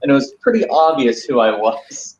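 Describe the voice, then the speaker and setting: A man's voice: mid-range voice, big pitch swings, normal speed, a little mellow. Joking man on a roomy video call. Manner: joking, teasing. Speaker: hangout participant. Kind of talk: casual group chat. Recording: roomy, dull, faint noise.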